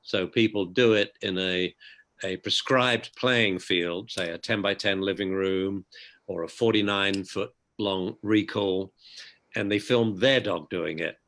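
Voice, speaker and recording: Guy w a lowish voice on a video call, dog trainer telling stories, lots of "you know". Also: steady tone, measured pace, fairly bright tone. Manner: anecdotal storyteller, frequent "you know". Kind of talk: casual video chat.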